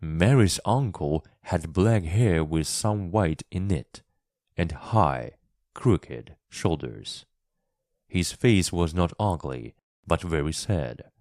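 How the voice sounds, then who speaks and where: A man narrating a classic story for English learners, slow, clear and expressive. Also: deep voice, no room sound, clean studio sound.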